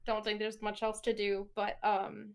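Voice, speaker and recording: A woman's voice: medium pitch, monotone, moderate pace, vocal fry, clean tone. A woman playing her character in a tabletop game, speaking hesitantly in the first person. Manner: hesitant, full of fillers and restarts. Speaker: player.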